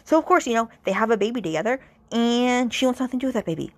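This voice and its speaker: A woman's voice: fairly high pitch, lively intonation, rapid-fire, hardly any pauses, dry recording. A woman hosting a podcast, chatting casually about a novel, retelling scenes in quoted voices with lots of "like" and exasperated asides. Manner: frequent "like" fillers, exasperated asides. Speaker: podcast host. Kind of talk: casual book review chat.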